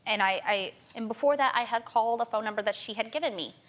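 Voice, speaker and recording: On a talk show, a young woman tells an urgent personal story through tears, faltering and beginning again many times. She talks fast in a fairly high, slightly bright voice.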